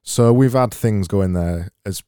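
A man's voice: on the low side, measured pace, mellow. A man hosting a casual solo podcast, reading out listener messages with dry, self-mocking humour. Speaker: podcast host.

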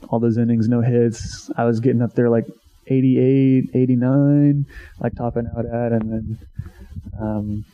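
A man in his twenties, a former college pitcher, casually telling a story, swearing freely and acting out what he once said. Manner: swears freely, acts out his own past remarks. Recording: dull lo-fi sound.

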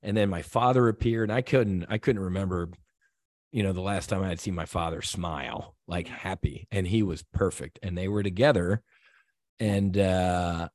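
A podcast guest, a man with a low, fairly deep, darkish voice, tells a personal story earnestly and from the heart. His speech is halting, full of restarts and repeated words, and the recording sounds dry and close.

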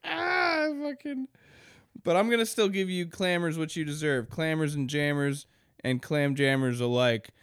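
A man's voice: on the high side, fairly even intonation, normal speed, clear, resonant tone, no echo, clean studio sound. A young man hosting a podcast alone, rambling casually with crude jokes and frequent laughter. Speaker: podcast host. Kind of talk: casual solo podcast chat.

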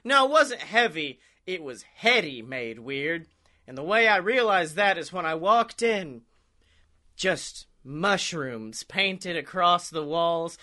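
A man with a high, bright, sharp voice tells a rambling story on a podcast. He swears freely, laughs a lot and acts out what people said to him. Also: animated, takes it slowly. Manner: rambling, profane, laughs often, acts out quotes. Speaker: podcast co-host. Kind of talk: casual storytelling chat.

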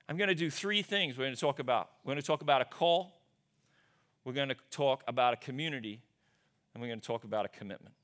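A pastor with a medium-pitched voice speaks fast as he preaches a sermon, telling stories in an animated, conversational style.

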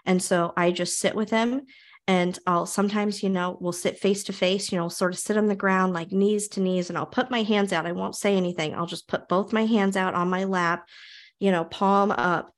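A woman hosts a conversational podcast in a calm, reflective manner. She speaks at an ordinary mid-range pitch and often repeats key phrases for emphasis. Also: moderate pace. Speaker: podcast host.

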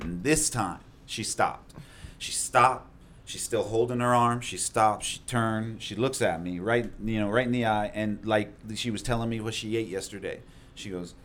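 A man's voice: on the low side, moderate pace. A man, a first responder, telling a harrowing story in a conversational way and acting out what people said. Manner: vivid retelling, acts out quotes loudly.

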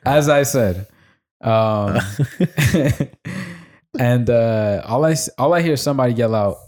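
A man's voice: medium pitch, slow pace, darkish tone. A man co-hosting a podcast, telling a laid-back story with casual swearing and frequent laughs. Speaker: podcast co-host. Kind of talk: casual chat.

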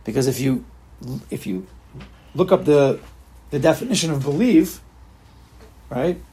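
A man's voice: fairly high pitch, expressive, unhurried, vocal fry, mellow, slightly rough. A man giving a casual spoken Torah class, asking rhetorical questions, often restarting phrases and mixing in Hebrew terms.

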